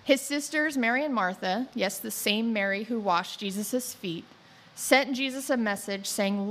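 A woman's voice: a little high, measured pace, fairly bright tone. A woman giving a casual sermon, retelling a Bible story in loose, conversational words with joking asides. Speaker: Bible teacher.

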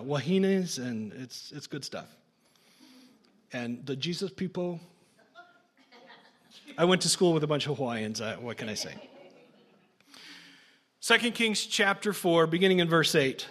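A man's voice: high-pitched, fairly bright tone. A man preaching a sermon, reading a long scripture passage aloud with casual, joking asides. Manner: casual, jokey asides between dramatic reading. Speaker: pastor.

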